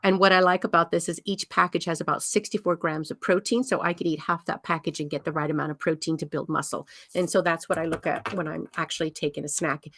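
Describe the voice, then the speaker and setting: A woman's voice: low-pitched, steady tone, fast talker, few pauses, a bit bright, dry recording. A woman over fifty, a health coach giving a casual workshop talk, chatty and rambling with many ums and restarts.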